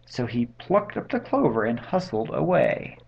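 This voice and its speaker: A man reading a rhyming picture book aloud at bedtime, in a lively, rhythmic read-aloud manner, recorded at home on a webcam mic. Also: mid-range voice, normal speed, creaky, slight background noise. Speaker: bedtime story reader. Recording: dull lo-fi webcam audio.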